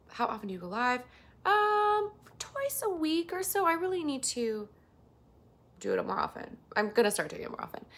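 A woman hosting a casual livestream chats excitedly with her viewers and greets each one by name. Her voice sits a little high and sounds bright and crisp, and her delivery is bubbly and upbeat. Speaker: livestream host and voice actor. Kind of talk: casual livestream chat, reading out viewer messages.

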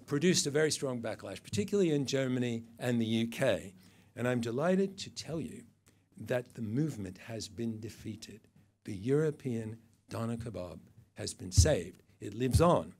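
Addressing an event crowd, an older awards presenter gives a dry, mocking satirical speech full of wry asides. His voice is medium in pitch and a little mellow.

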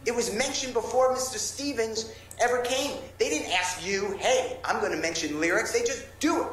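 A man's voice: very high voice, normal speed, fairly bright tone, reverberant, slight background noise, low-quality recording. A male defense lawyer arguing insistently and passionately before a judge in a courtroom. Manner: impassioned, insistent pleading. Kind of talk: courtroom argument. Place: large courtroom.

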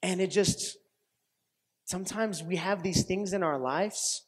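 Preaching at an unhurried pace in a fairly high voice, this pastor moves between vivid storytelling, where he acts out other people's voices and laughs a lot, and calmer, reflective moments. He often restarts and repeats phrases and checks with the room whether it all makes sense.

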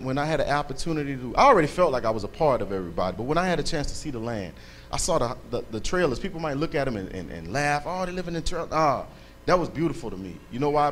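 A man giving a fervent, thankful testimony at a church service, speaking emphatically to the congregation. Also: mid-range voice.

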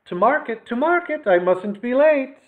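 A man's voice: extremely high pitch, expressive, normal speed, pitched above the performer's own voice. Field: story time. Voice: a man doing a fussy old cat lady. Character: fussy old woman with many cats. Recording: lo-fi phone-like sound.

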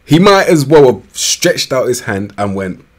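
A young man doing casual game commentary, slangy and rambling, with bursts of excitement. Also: mid-range voice, measured pace, noisy background. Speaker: gaming YouTuber. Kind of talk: casual commentary over a football management game.

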